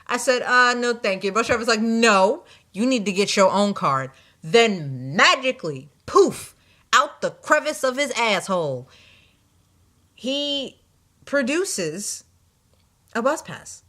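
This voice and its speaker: Bright-voiced young woman telling a story. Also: on the high side, slow pace. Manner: animated, exasperated storytelling with quoted asides. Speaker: vlogger. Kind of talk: casual storytelling.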